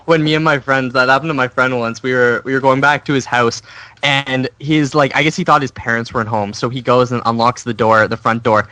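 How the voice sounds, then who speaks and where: A man's voice: medium pitch, steady tone, brisk, bright, forceful tone, dry recording. A young man telling rambling anecdotes, full of fillers, during casual gameplay commentary. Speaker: gaming commentator.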